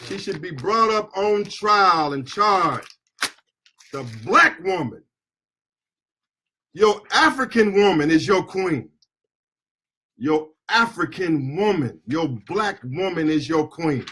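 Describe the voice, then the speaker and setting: Middle-aged american guy giving a heated speech, high bright voice, slow and deliberate, yells at the peaks. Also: lively intonation, a little hiss or hum. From United States. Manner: impassioned, shouting at peaks, call-and-response chants. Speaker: attorney and activist speaker. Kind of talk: fiery political speech.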